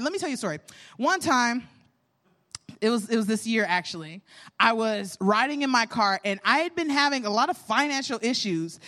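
A woman's voice: high voice, fairly bright tone. A young adult woman hosting a faith podcast, talking in an earnest, candid storytelling way with self-deprecating humor. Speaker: podcast host.

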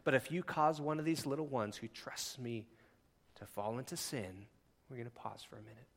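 A man preaching a sermon as pastor, impassioned and conversational, swinging from hushed lines to near-shouts. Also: medium pitch, moderate pace. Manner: conversational, with asides and laughs.

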